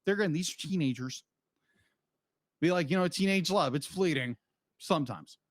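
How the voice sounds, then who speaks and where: A man's voice: on the high side, expressive, moderate pace, no room sound, clean studio sound. A man co-hosting a podcast in casual chat, rambling with frequent restarts and laughs. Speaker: podcast co-host.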